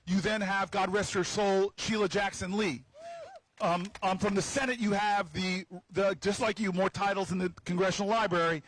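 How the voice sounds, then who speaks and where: A senator speaking outdoors at a rally, telling a playful story to the crowd, with stammering restarts and repeated words. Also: male voice, sits high, normal speed, slight background noise, low-quality recording. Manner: lively, playful storyteller who teases the crowd. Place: outdoors on building steps at a rally.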